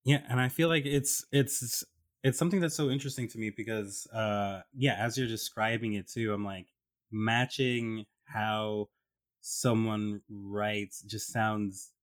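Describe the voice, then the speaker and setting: Male podcast host, lower voice, relaxed and curious, quick to laugh. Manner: laughs often, easygoing and curious. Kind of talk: casual podcast interview.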